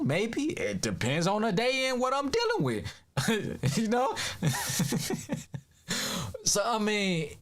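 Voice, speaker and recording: A man giving casual reaction commentary, emphatic and slangy, laughing often. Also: a little high.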